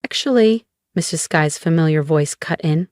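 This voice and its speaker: A woman reads a first-person story aloud in a calm, measured voice. Her voice sits on the low side for a woman. The recording is dry and close, with no room sound. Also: dry recording. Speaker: narrator.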